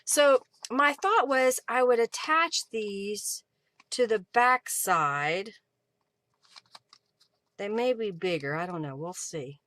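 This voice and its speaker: A woman's voice: medium pitch, lively intonation, takes it slowly, a bit bright. A woman hosting a live crafting stream, chatting casually and thinking aloud as she works at her craft table and answers viewers. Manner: chatty, thinks aloud while working, reads viewer comments. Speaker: craft livestream host.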